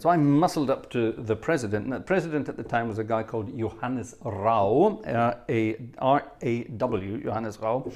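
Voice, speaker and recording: Between musical pieces, this organist hosting a livestream shares chatty, self-mocking stories in casual conversation. He speaks at medium pitch and a moderate pace, with a darkish tone and few pauses.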